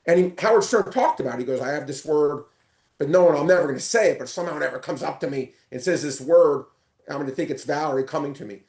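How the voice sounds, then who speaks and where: A man on a casual sports podcast, telling animated stories with lots of stumbling restarts. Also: fairly high pitch, fast talker, roomy sound. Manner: animated storyteller, stumbling restarts and excited retelling. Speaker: guest.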